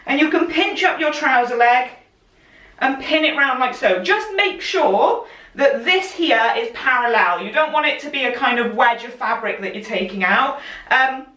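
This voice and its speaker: A woman's voice: high-pitched, expressive, normal speed, sharp tone. A woman teaching a live-streamed sewing lesson, chatty and encouraging, a little out of breath as she moves around. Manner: chatty and encouraging, laughs often. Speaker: sewing pattern instructor. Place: room, speaking while moving in front of camera. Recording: echoey room, voice a bit far from mic.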